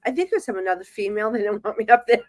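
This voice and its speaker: A woman with a New Jersey accent, a psychic medium guest telling ghost stories in casual chat, animated and acting out the voices she quotes. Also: mid-range voice, very fast, no echo.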